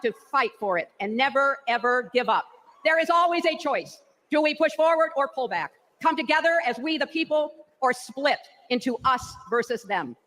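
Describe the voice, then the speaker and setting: A woman's voice: high-pitched, lively intonation, normal speed, fairly bright tone. An older woman giving a rousing convention speech in rhythmic oratory, played from a broadcast. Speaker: political speaker.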